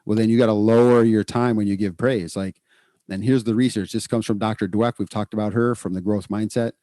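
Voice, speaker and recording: A middle-aged man co-hosting a podcast in casual, energetic chat, repeating words for emphasis. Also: lowish voice, fairly quick, no room sound, studio quality. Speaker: podcast co-host, psychologist.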